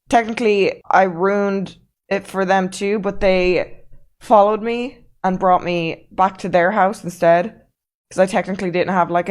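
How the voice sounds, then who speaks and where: A woman streamer telling a story in a casual, blunt way, swearing freely and with emphasis. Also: mid-range voice.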